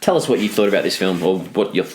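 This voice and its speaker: A man's voice: low-pitched, expressive, fast talker, crowd noise. A man hosting a casual podcast, introducing the show and laughing often. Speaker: podcast host.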